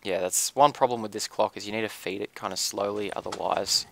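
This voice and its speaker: Gravelly-voiced man narrating a build. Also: fairly low pitch, brisk, slight background noise. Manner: relaxed, thinking aloud with frequent ums. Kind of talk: casual gameplay commentary.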